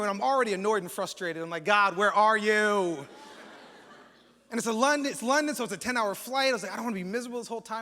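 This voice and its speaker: A high, bright-voiced American man preaching as campus pastor, telling a story in a casual, joking way and often restarting his sentences. His voice rings out with a long reverb in a large church hall. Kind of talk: sermon with prayer and storytelling.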